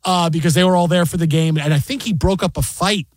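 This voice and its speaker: Man, radio host, animated storyteller, husky, dry close mic. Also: sits high, fast, no echo. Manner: animated storyteller, acts out other voices. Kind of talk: casual sports radio chat. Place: radio studio.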